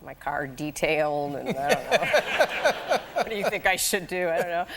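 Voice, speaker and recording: At normal speed, a woman in her forties appears as a talk show guest, telling animated anecdotes and laughing often. When she quotes people she jumps into high voices, with crowd noise in the background.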